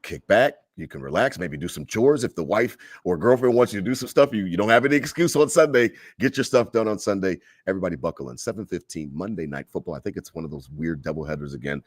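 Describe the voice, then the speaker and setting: Low-voiced male podcast co-host, fired-up fan rant, dry close sound. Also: quick pace, few pauses, no room sound. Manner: animated, heated fan rant. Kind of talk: casual sports podcast chat.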